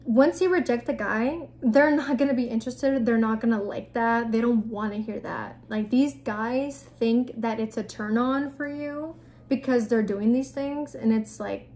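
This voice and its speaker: A woman's voice: on the high side, a little slow, a little mellow. Blunt, frank young woman vlogger. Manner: blunt, frank, with frequent 'like' and profanity. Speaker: vlogger giving advice. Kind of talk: casual advice vlog.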